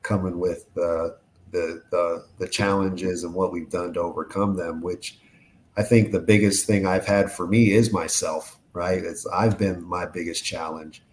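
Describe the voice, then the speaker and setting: Man, very low voice, reflective, casual chat, faint background hiss. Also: steady tone, measured pace. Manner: reflective, thoughtful.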